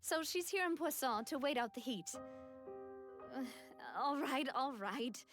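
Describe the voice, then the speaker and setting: Game role: higher-voiced young woman leader, gracious and resolute. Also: lively intonation, unhurried, a bit bright, soft background music. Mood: wry.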